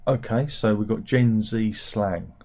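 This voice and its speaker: A man's voice: fairly low pitch, unhurried, dark tone. A man from the UK hosting a comic news show, chatting casually and wryly with lots of fillers and restarts. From United Kingdom. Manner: rambling, wry, talks to himself with fillers and restarts. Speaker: satirical news show host.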